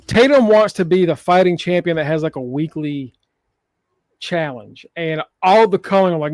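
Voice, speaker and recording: A man with a high voice co-hosts a wrestling podcast, joking and cursing as he recaps the show. He acts out the wrestlers' lines in quotes. The sound is close and dry, with no room around it. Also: expressive, moderate pace, darkish tone, dry recording. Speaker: podcast co-host. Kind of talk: casual wrestling chat.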